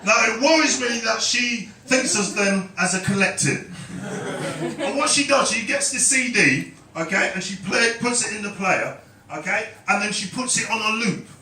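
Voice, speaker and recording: Man, stand-up comic, animated high voice, roomy club sound with crowd laughing. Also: moderate pace, recorded from a distance. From London. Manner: chatty, banters with the crowd, lively delivery. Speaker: stand-up comedian. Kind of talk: stand-up comedy set. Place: comedy club stage. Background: audience laughing and clapping.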